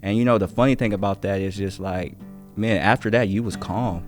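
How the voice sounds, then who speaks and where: A man's voice: sits low, brisk, soft background music. A man, a teacher hosting a podcast, talks with a student in an earnest, encouraging and casual way, full of fillers and slang. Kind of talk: earnest conversational interview.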